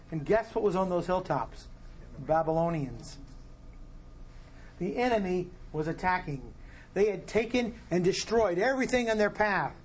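A man's voice: sits high, slight background noise. Conversational man teaching scripture. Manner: explanatory, asks rhetorical questions. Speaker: Bible teacher. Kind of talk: conversational Bible study teaching.

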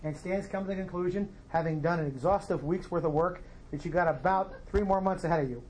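A man's voice: high voice, quick pace, darkish tone, a little hiss or hum. Conversational man teaching scripture. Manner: explanatory, asks rhetorical questions. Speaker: Bible teacher. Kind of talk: conversational Bible study teaching.

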